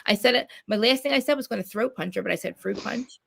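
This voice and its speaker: A woman hosting a live podcast, talking fast and loud in blunt, swearing casual chat. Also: mid-range voice, creaky, dry recording. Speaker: podcast host.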